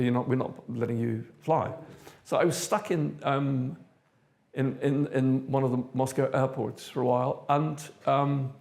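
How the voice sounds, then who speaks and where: An older man from South Africa, an interviewee recounting his past in a measured, thoughtful way with frequent pauses. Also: medium pitch, creaky, a little mellow. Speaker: interviewee, theatre director. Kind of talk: reflective personal recollection.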